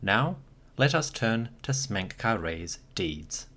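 A man with a fairly low voice narrates a history podcast from a script. His pitch swings widely as he tells the story, and he drops in wry little asides along the way. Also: very animated, takes it slowly, background noise. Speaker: podcast host.

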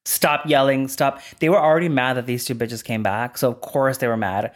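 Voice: mid-range voice, quick pace. Blunt drag queen guest. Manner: candid, blunt, swears freely when telling stories. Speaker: drag queen and former contestant, podcast guest. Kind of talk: casual podcast chat.

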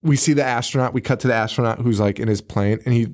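A male podcast co-host recapping a film in casual chat, laughing often, swearing and acting out characters in quick voices. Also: medium pitch, darkish tone.

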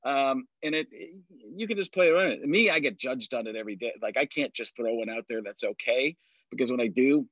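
A man chatting casually on a podcast, telling animated stories and slipping into quick impressions. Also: mid-range voice, no room sound, highs cut off. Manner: animated storyteller, drops into impressions. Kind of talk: casual chat.

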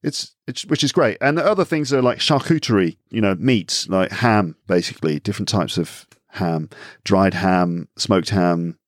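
An Englishman with a low voice talks at a normal pace, recorded dry and clean in a studio. He's a chatty podcast guest in casual conversation, laughing readily and often correcting himself partway through sentences.

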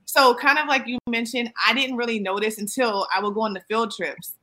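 A woman in her thirties co-hosting a podcast, chatting casually and animatedly with quick asides and playful mock voices. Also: fairly high pitch, fairly even intonation, pushed and bright. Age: 30s. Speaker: podcast co-host. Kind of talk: casual chat.

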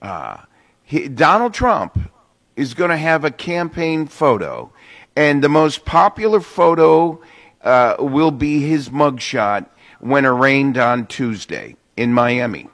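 A man's voice: mid-range voice, big pitch swings, slow pace, a bit bright. A man, a regular guest commentator on morning radio, speaking in an earnest, indignant, emphatic way. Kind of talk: opinionated political commentary.

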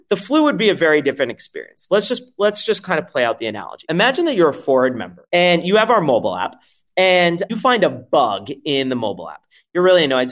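Animated, swearing startup founder pitching. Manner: emphatic, profane, rhetorical questions; acts out quoted dialogue in the telling. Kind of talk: keynote-style pitch talk.

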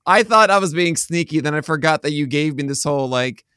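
A man's voice: a little high, expressive, brisk, background noise. A man co-hosting a casual sports podcast, telling stories with a joking, teasing manner. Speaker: podcast co-host.

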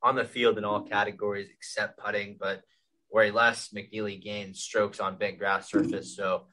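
A man's voice: fairly low pitch, level tone, moderate pace, sharp tone, low-quality recording. A man co-hosting a podcast, steadily going through golf betting picks with frequent "um" fillers.

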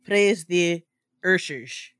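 A woman's voice: fairly low pitch, extremely slow, fairly bright tone, smooth, no echo, studio quality. A woman co-hosting a casual chat podcast, blunt and profane, exaggerating her stories for laughs. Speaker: podcast co-host.

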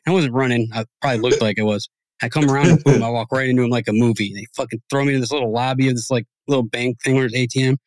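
Fast-talking man telling a story. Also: medium pitch, steady tone. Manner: rambling, profane storytelling. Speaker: podcast host. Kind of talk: casual chat.

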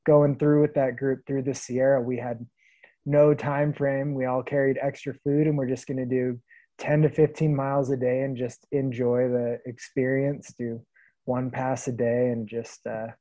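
A man around thirty from the Pacific Northwest, telling stories in a relaxed podcast interview and laughing often. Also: medium pitch, normal speed, no room sound, rough recording. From Vancouver, Washington. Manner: easygoing storyteller, laughs often. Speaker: guest, long-distance hiker.

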